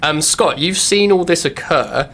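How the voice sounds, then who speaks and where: A man's voice: on the high side, animated, unhurried, vocal fry, a bit bright, a little hiss or hum. Man running a tabletop game. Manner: hesitant, many fillers. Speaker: game master.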